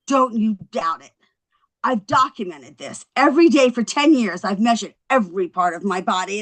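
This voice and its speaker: A woman's voice: high voice, pushed and bright. A woman playing a tipsy, rambling young comic. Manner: rambling, self-mocking, quick comic asides. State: a little drunk. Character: tipsy young woman doing stand-up after her husband left. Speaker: actor in a table read. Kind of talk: table read.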